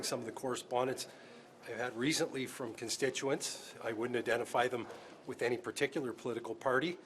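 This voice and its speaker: A male politician answering reporters in a press scrum, measured and pausing as he thinks. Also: mid-range voice, slight background noise.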